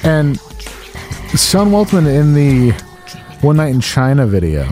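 A man's voice: on the high side, takes it slowly, faint music behind. A man co-hosting a podcast, rambling through crude jokes in casual banter. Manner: rambling, lively delivery. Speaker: podcast co-host.

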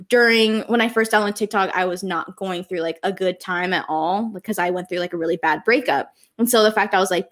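A woman's voice: mid-range voice, fairly bright tone. A young woman in her twenties, a guest on an interview show, chatting in a bubbly way and laughing often as she retells stories. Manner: bubbly, laughs often, acts out quoted people. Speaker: guest, social media creator. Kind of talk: casual interview chat.

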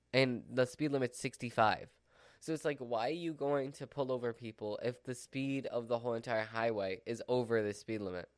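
A man's voice: medium pitch, clear, resonant tone, dry recording. Rambling casual man, dry close sound. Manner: rambling, with many "like" and "so" fillers. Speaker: vlogger. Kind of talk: casual chat. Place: at home with his dog. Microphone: mic within his dog's reach.

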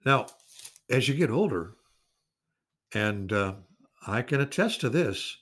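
A man's voice: medium pitch, sing-song, takes it slowly, fairly bright tone, slightly rough. A man in his eighties teaching an informal Bible study, earnest and rambling, stretching out key words of Scripture for emphasis. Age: 80s. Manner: rambling with restarts and repeated words.

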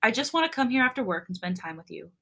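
A woman voicing a young male idol who is gentle, earnest and playfully teasing, read in her own bright voice. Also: a little high, lively intonation, quick pace, gravelly, full character voice. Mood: tender.

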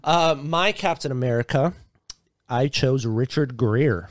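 A man's voice: medium pitch, unhurried, no echo, clean studio sound. A man co-hosting a podcast in casual banter, joking, laughing often and swearing casually. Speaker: podcast co-host.

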